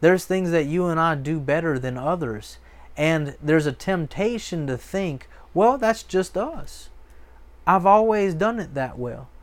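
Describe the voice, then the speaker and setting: A pastor preaching a sermon, his voice pitched somewhat high for a man. He talks in an emphatic, repetitive way, hammering phrases home and slipping into lively asides.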